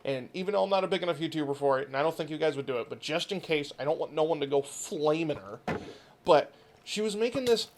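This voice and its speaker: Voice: mid-range voice, lively intonation, fast talker, noisy background. A gaming channel host ranting casually over gameplay, rambling and swearing freely, with frequent laughs.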